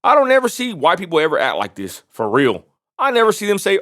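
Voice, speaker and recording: A man's voice: on the high side, big pitch swings, fast talker, a bit bright. A man from Texas, ranting bluntly in a vlog and repeating himself for emphasis. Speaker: vlogger.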